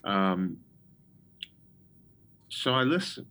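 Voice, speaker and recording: A man with a somewhat low voice tells his own testimony as a guest in an interview. He talks in a storytelling way, with plenty of ums and restarted phrases. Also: sing-song, drawn-out words, sharp tone, a little hiss or hum, low-quality recording. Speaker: guest prophet.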